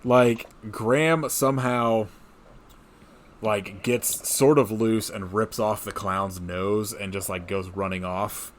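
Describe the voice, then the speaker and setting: Laughing, rambling podcast host. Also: male voice, on the low side, fairly even intonation, takes it slowly, slight background noise. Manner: rambling, laughing, heavy filler and swearing. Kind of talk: casual chat recapping a movie.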